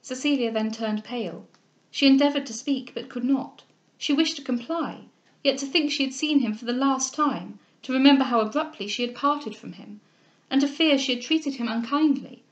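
A woman narrating a novel as an audiobook reader, measured and clear. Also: sits high, dull audio.

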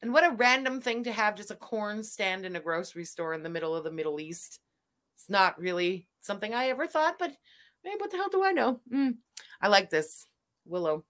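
Bright, animated woman reacting loudly. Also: mid-range voice, fairly quick. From Canada. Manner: loud, animated, swears freely, laughs often. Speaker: streamer reacting to videos. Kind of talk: casual reaction commentary.

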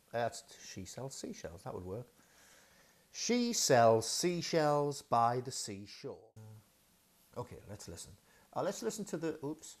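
Speaking a little mellow in a lowish voice, a man reviews his new audio equipment at home in a relaxed, thinking-out-loud way full of hesitations and filler words. The recording comes through the wireless radio mic under test, set up in his dining room.

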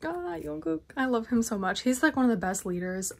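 A young woman vlogging a haul of collector albums, chatting casually and gushing like an excited fan with whispered asides. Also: on the high side, fast talker, a little hiss or hum. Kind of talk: casual unboxing haul vlog.

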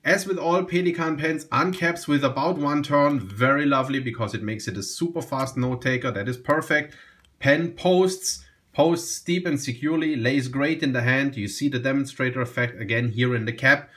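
A man talking through a fountain pen review in a relaxed, enthusiastic way, often repeating himself and restarting phrases. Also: medium pitch, normal speed. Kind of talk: casual product review.

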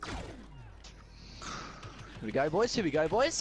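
A young man playing an online shooter with a friend, loud and excitable, swearing and laughing often. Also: fairly high pitch, slow pace, a little hiss or hum. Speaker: gamer streamer. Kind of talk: excited gaming banter.

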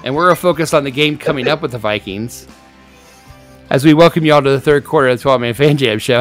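A man's voice: mid-range voice, fast, dry recording, soft background music. A man hosting a casual sports podcast, joking around and hamming up bits. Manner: jokey, playful, hammy bits. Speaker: podcast host.

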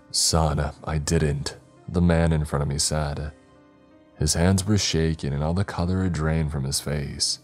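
A man giving first-person scripted narration of a horror story in a measured, grim way. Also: a bass voice, darkish tone. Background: faint music.

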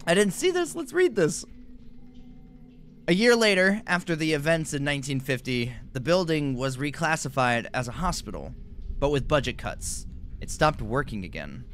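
Guy yelping thru a horror game, kinda high voice, slow talker, faint game noise behind. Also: a bit bright. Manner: jumpy, nervous reactions, frequent exclamations. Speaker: gaming YouTuber. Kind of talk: horror game let's play commentary.

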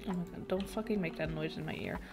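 A woman's voice: lowish voice, big pitch swings, fast talker, gravelly, music in the background. A woman streamer chatting casually while gaming, cursing and exclaiming at the game and reading chat. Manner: swears a lot, exclaims at the game.

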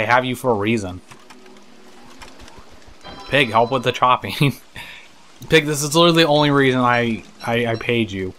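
A man's voice: medium pitch, bright, forceful tone, a little hiss or hum. A man giving casual let's-play commentary, chatting to the characters on screen, laughing and swearing as he plays. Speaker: gameplay commentator.

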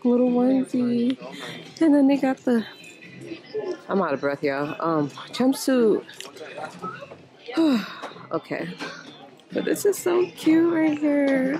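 A woman talks to her viewers in a chatty, exclamatory way while browsing a large store. Her pitch swings widely, her pace stays unhurried, and music plays behind her. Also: very animated, creaky. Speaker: vlogger. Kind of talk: casual vlog narration while shopping. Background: background music.

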